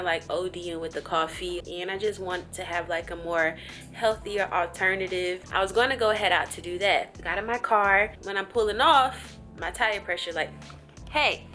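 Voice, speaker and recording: Woman vlogger, bright clear voice, animated storyteller, faint music underneath. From USA. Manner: animated, jumps high in pitch when acting out her own thoughts. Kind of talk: casual vlog storytelling.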